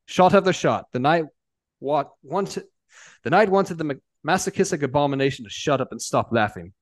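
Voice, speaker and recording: A man narrating a scripted story in a steady reading voice, with small stumbles and restarts. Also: a little high, moderate pace, no room sound.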